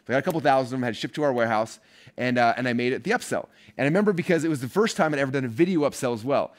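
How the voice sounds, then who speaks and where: A man talks to his viewers at a quick clip, in a voice of middling pitch. He tells a personal story casually and jumps into little acted-out bits of his past self. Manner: fast, animated storyteller who acts out his own past lines. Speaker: online marketing speaker.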